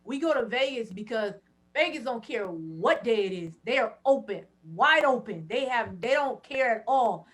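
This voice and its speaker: High-voiced lively woman storyteller. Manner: loud, laughing, quick asides. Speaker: podcast guest. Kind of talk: animated storytelling.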